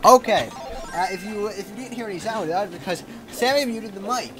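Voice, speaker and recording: A man's voice: high-pitched, brisk. A man giving casual, jokey commentary over a video game with a friend. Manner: jokey, playful banter. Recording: game music behind.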